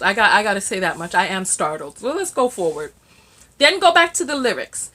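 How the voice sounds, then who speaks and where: A woman's voice: medium pitch, very animated, moderate pace, pauses often, sharp tone. A woman reacting to song lyrics in casual vlog commentary, repeating herself and sounding startled. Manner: repetitive, exclamatory and startled. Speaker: reaction vlogger.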